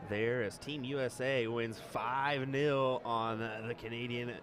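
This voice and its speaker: A man with a Midwestern American accent co-commentating live darts, easygoing and quick to laugh along. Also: mid-range voice, steady tone. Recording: loud crowd behind.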